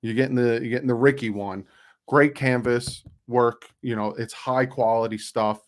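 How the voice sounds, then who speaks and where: A man's voice: mid-range voice, fairly even intonation, moderate pace. A man hosting a casual live stream, chatting loosely, reading out donations and plugging sponsors. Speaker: YouTube streamer and channel host.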